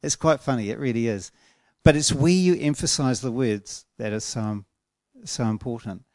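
A man preaching with earnest emphasis, leaning hard on key words and drawing some of them out slowly. His voice sits at an ordinary middle pitch. The sound is dry and close, with no room echo. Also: darkish tone. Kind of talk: sermon.

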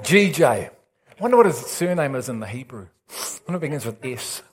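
A male pastor preaching an excitable, animated sermon with big swings in pitch. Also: brisk.

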